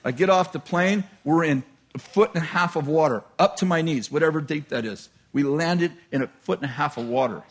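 A male preacher tells a personal story to his congregation in an animated, self-mocking way, often laughing at himself. His voice sits somewhat high. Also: fairly quick. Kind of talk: storytelling sermon.

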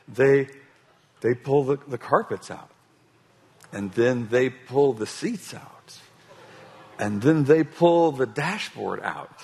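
A man preaching a sermon, with a husky voice, often restarting phrases and telling an animated story. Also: fairly high pitch.

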